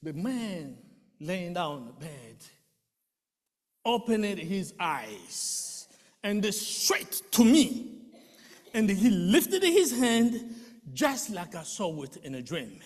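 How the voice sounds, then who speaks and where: Man, high voice, very lively pitch, emotional testimony, animated storytelling, long hall reverb. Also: takes it slowly, long pauses. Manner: animated storytelling, acting out quoted voices and shouting praise. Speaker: person giving a testimony.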